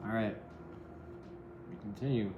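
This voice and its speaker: A man's voice: fairly low pitch, fairly even intonation, measured pace, phone-quality sound, over loud music. A man giving a casual tarot reading in a rambling way, often asking "right?" and adding wry, self-deprecating asides. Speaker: tarot reader. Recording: echoey room.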